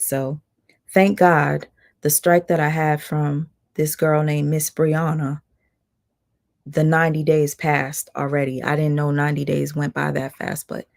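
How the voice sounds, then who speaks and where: Woman host, low and gravelly, strained voice, heated blunt livestream rant. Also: a little mellow. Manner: blunt, heated, swearing, reads viewer comments aloud.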